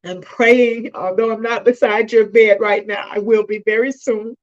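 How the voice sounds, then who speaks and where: A woman's voice: a little high, fairly even intonation, normal speed, lo-fi sound. A middle-aged woman hosting a live stream on her phone, speaking with emotion and choking up at times as she addresses her viewers directly. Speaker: host of a self-help live stream. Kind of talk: heartfelt live-stream talk.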